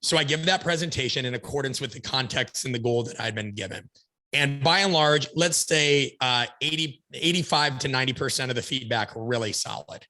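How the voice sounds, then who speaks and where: A man speaking as a podcast guest, telling stories in an animated, emphatic way and acting out bits of dialogue. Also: medium pitch, fairly quick. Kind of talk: energetic conversational storytelling.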